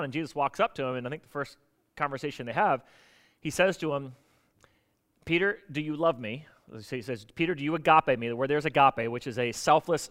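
A man preaches to his congregation with a high, bright, forceful voice. He delivers the sermon in a lively way and acts out the voices of the people he quotes. The sound carries a long reverb from the hall. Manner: animated, acts out quotes with rising energy. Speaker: pastor.

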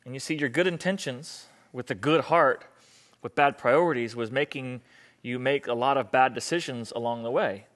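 A man speaking on stage before an audience, animated, acting out dialogue in raised voices and repeating phrases for emphasis. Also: mid-range voice, moderate pace. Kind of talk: motivational talk with a live volunteer.

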